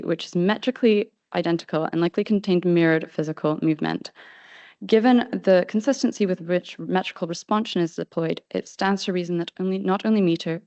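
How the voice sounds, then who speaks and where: A woman presenting a paper at a conference, reading in a measured, formal way. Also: lowish voice, darkish tone, no room sound, lo-fi sound. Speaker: conference speaker. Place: conference hall.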